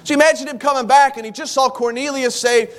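A man's voice: very high-pitched, fairly even intonation, fast talker, a bit bright. A man in his thirties preaching a sermon in church, telling the story with animation and acting out the voices of the people he quotes. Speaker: pastor.

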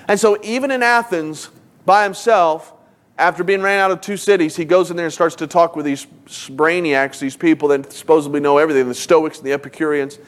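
A man's voice: high voice, a little fast. Emphatic male pastor preaching. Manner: emphatic preaching, reads scripture aloud and acts out quoted speakers. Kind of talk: sermon.

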